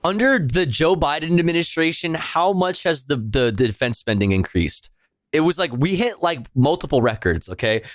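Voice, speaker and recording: Male streamer, snarky and sweary, pitch swinging widely, dry close sound with soft music underneath. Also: expressive, normal speed, dry recording. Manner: sarcastic, profane, incredulous, laughs often. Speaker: streamer reacting to a speech. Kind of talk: casual reaction commentary.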